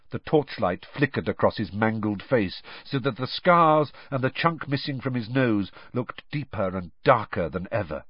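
Animated male audiobook narrator. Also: on the low side, normal speed, few pauses, breathy edge, dry recording, dull audio. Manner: animated, dramatic reading.

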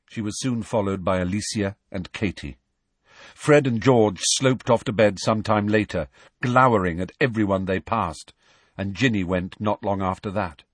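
A man reads a story aloud in a low, husky voice with a lively, expressive lilt. The sound is close and dry, with no room around it. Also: normal speed, no echo. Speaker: audiobook narrator. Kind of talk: scripted narration.

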